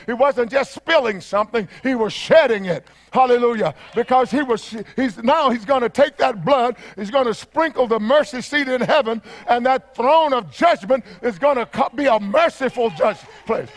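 A man preaching in a very high voice, with a Southern US accent. He is a fervent pastor who keeps repeating his praise and rises to shouting in a sermon. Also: normal speed, few pauses.

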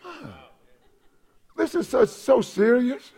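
Gravelly high-voiced preaching pastor. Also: male voice, expressive, slow. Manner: impassioned preaching with shouted peaks and repeated words. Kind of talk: sermon. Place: church sanctuary.

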